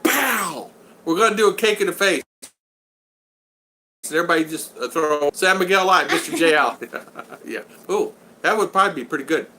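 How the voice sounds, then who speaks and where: A man's voice: on the high side, lively intonation, moderate pace, long pauses, bright, forceful tone. A man hosting a casual livestream, reading out viewer comments and rambling through jokey stories with frequent laughter. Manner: rambling, jokey, laughs often, retells stories with quoted voices. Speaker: live stream host.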